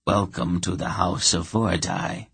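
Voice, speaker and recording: A reclusive swamp witch, calm and faintly bitter, speaking slowly in a deep, husky voice, as a male audiobook reader puts her on. Her tone stays flat and neutral, with a gravelly edge. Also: no room sound, exaggerated voice. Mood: calm, wry. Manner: measured, strangely neutral, slow.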